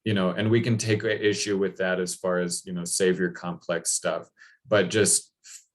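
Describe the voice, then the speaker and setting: A man with a low, deep voice retells an old legend in a relaxed lecture. He talks conversationally, full of fillers and offhand asides. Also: moderate pace. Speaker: speaker on mythology.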